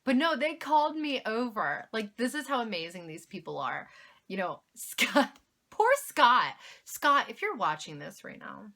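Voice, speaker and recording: Bright-voiced young woman laughing through a story. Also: fairly high pitch, sing-song, a little slow. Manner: laughs often while telling a story, self-mocking. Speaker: vlogger. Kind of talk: casual storytelling to camera.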